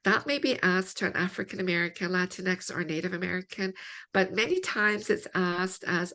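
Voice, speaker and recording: A woman's voice: on the low side, normal speed, sharp tone. A woman theologian answering podcast interview questions in an earnest, explanatory way, building her point through many examples. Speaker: theologian guest.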